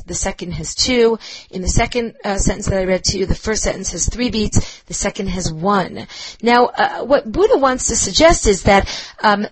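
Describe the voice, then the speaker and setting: A woman's voice: fairly high pitch, no room sound, rough recording. Give me a woman teaching a Bible class, dry and close, explaining with plenty of ums. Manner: explanatory, with frequent fillers and checking "right?". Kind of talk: recorded lecture.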